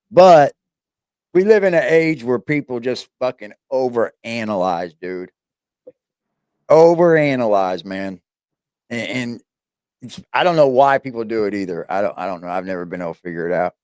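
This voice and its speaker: A man's voice: mid-range voice, lively intonation, normal speed, darkish tone, clean tone, no echo, studio quality. A man hosting a casual interview and reaction stream, laid-back, talking to his viewers and often restarting his sentences. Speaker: show host.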